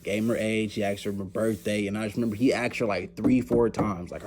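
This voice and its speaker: A young man with a fairly low voice and moderate pace tells a story in a vlog. His loose, slangy, animated telling is full of laughter, and he acts out other people's lines.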